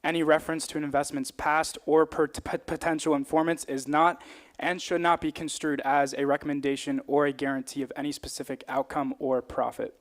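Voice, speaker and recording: A man's voice: a little high, level tone, fairly quick. A young man, a college student, reading a formal statement aloud, with some stumbles. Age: young adult. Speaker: student presenter. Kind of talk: reading a disclaimer.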